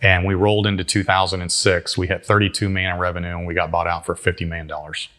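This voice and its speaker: Male interview guest, deep-voiced, tells stories with energy and folksy grammar. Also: quick pace. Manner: animated storyteller acting out quotes. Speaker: guest entrepreneur. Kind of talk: storytelling interview.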